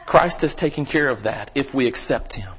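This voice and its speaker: A man preaching a sermon as pastor, folksy and talking straight to the congregation, his voice swelling at times into near-shouting. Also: mid-range voice, expressive, moderate pace, muffled recording, slight background noise. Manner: preaching with sudden rises to shouting; folksy, addresses the congregation directly.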